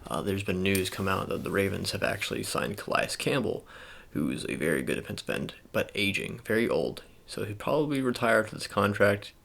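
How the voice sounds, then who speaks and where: A young man speaking in a soft ASMR style, chatting casually and rambling with many fillers and restarts. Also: fairly low pitch, animated, brisk, vocal fry, hardly any pauses. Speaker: ASMR channel host. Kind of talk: soft-spoken ASMR sports talk.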